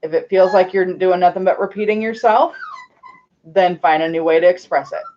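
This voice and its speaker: A woman hosting a card reading channel, talking casually and gently to her viewers. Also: lowish voice, normal speed, muffled recording. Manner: gentle and chatty, cooing at her puppies. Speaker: tarot reader and channel host.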